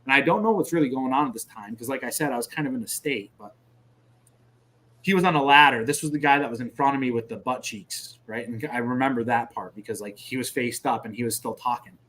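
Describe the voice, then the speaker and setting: A man's voice: medium pitch, fast talker, a little hiss or hum. A male military veteran on a podcast, retelling combat in a casual, profane and vivid way. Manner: profane, vivid, animated retelling with sound effects. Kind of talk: casual war storytelling.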